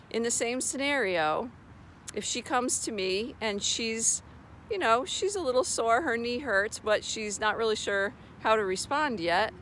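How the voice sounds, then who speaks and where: A woman's voice: fairly high pitch, lively intonation, unhurried, a bit bright, slight background noise. A woman talking casually to camera, sharing brain retraining advice in an earnest, reassuring way with storytelling asides.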